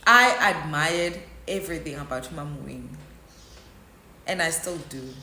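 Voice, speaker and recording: A woman's voice: low voice, a little slow, bright, forceful tone. Emotional South African woman in a roomy echo. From Eastern Cape, South Africa. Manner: emotional, mixes English with isiXhosa. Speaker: vlogger. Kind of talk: casual vlog commentary.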